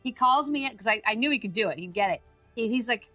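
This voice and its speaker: Bright, emphatic woman telling her story. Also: fairly high pitch, brisk, no room sound, soft background music. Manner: emphatic, animated, acts out quoted voices. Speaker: guest, addiction recovery coach. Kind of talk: podcast interview storytelling.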